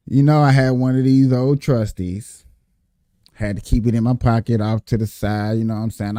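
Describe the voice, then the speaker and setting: A man with a dark, mellow voice tells a rambling, animated story straight to his viewers. He repeats phrases for emphasis and keeps calling out to his audience. The sound is dry and close, with no room around it. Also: mid-range voice, normal speed, dry recording. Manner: animated, repeats himself, addresses viewers as y'all. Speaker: vlogger telling a work story. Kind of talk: casual storytelling.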